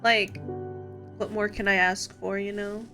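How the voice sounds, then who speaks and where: A woman's voice: mid-range voice, little pitch movement, a little slow, music in the background. A young woman streaming, chatting casually with her viewers, giddy and laughing often. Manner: giddy, laughs often, talks straight to chat.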